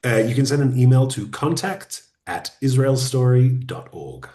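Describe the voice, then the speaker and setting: A man as guest on an online webinar interview, explaining podcasting in a relaxed, practical way. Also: mid-range voice, moderate pace, roomy sound. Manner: relaxed, explanatory advice-giving.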